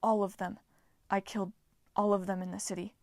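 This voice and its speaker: A woman voicing an earnest, troubled young man who speaks quietly in an audiobook. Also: mid-range voice, flat delivery, brisk, no room sound, studio quality, close to an everyday voice. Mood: subdued. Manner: quiet, subdued.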